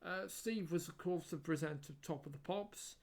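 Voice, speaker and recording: A man's voice: fairly high pitch, moderate pace, a little mellow. A man giving a casual spoken tribute to camera, hesitant, with frequent ums and restarts. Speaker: video creator.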